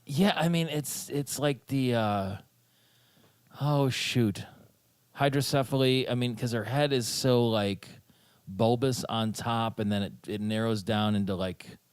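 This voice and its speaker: A man's voice: medium pitch, unhurried, smooth, no echo. A man co-hosting a casual podcast chat, making dry, wry jokes.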